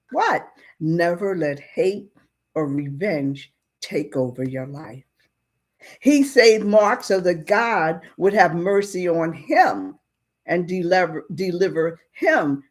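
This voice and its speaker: Lively, slow-paced woman preaching. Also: lowish voice. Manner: animated, asks the listeners questions. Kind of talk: sermon storytelling.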